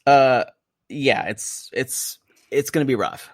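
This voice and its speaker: A man's voice: mid-range voice, slow pace, no echo, studio quality. A man co-hosting a podcast, chatting casually about a reality show, laughing often and trailing off into restarts. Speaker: podcast co-host. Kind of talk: casual recap chat.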